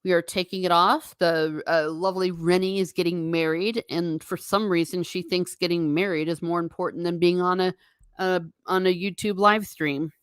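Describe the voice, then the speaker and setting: A woman's voice: fairly low pitch, steady tone, moderate pace, clear, resonant tone, no echo, studio quality. A woman hosting a live stream, chatting casually and reading viewer comments aloud with frequent laughs. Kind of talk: casual chat. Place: home.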